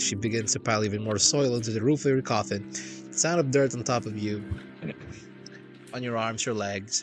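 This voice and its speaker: Young male streamer, low voice, reads game text with dry slangy quips over clear music. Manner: wry slangy asides between narration.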